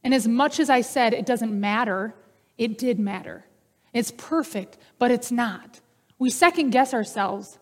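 A woman's voice: on the high side, unhurried. A woman pastor giving a conversational, humorous sermon. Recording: long hall reverb.

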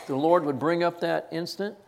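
A man's voice: fairly high pitch, fairly quick, vocal fry, darkish tone. A man preaching a sermon, telling stories with laughs and quoted voices. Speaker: pastor.

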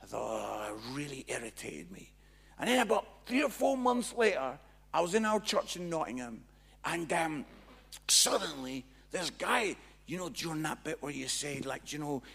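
A man, a pastor preaching and telling a story with lively acted-out dialogue. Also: fairly high pitch, normal speed, gravelly, slightly rough. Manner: animated, acts out both sides of dialogue. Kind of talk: sermon storytelling.

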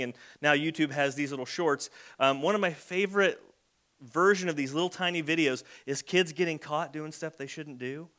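Man, pastor, sermon, high voice, bright tone, chatty storytelling. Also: clear, resonant tone. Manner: conversational storytelling with acted kid voices.

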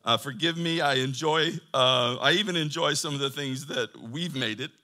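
A man's voice: mid-range voice, moderate pace, sharp tone. A man preaching a sermon to his church in a conversational, joking way, reading scripture between asides. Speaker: pastor.

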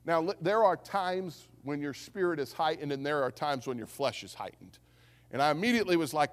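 A man with a fairly high-pitched voice preaches to his congregation, spinning a personal story and voicing the people in it. His words ring out with long reverb through a church hall. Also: brisk. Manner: storytelling, animated, acts out quotes. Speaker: pastor. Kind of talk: sermon. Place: church sanctuary.

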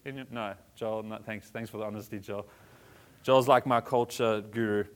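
A man in his forties preaching a sermon as a pastor, animated, joking with the congregation and swinging between soft and loud. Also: on the low side, normal speed. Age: 40s. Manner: animated, varies loudness, jokes with congregation.

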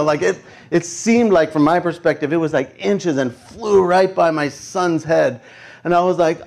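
A man, a pastor, preaching a sermon in a conversational, animated storytelling way. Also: fairly high pitch.

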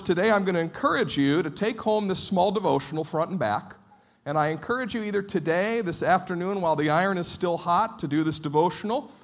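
A male pastor preaching a sermon, telling stories with a humorous, self-deprecating manner. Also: a little high. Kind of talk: sermon with storytelling.

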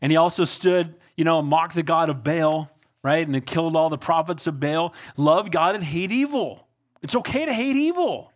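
A pastor delivers an emphatic sermon in a high, bright-edged voice. He talks to his congregation in a casual way and often checks in with "amen?" and "right?" from the pulpit. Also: moderate pace. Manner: emphatic preaching with frequent calls of amen and right. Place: church sanctuary before a congregation.

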